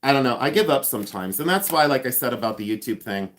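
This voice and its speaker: A man's voice: medium pitch, animated, quick pace, fairly bright tone. A man hosting a casual live stream, chatty and rambling, laughing often and joking with sarcasm. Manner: sarcastic humor.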